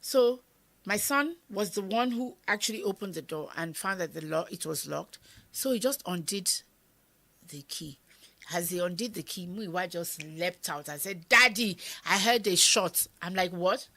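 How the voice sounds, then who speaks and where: Middle-aged nigerian woman telling her story on a talk show, low husky voice, acts out voices. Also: moderate pace. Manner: animated, acts out quoted voices, drops to whispers. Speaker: interview guest. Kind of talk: emotional personal storytelling.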